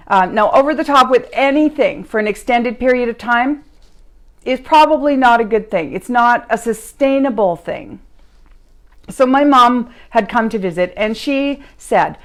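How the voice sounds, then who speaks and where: An upbeat woman who works as a podcast host and life coach gives a motivational talk on a live stream recorded at home. Her voice sits on the high side, and she repeats key phrases for emphasis.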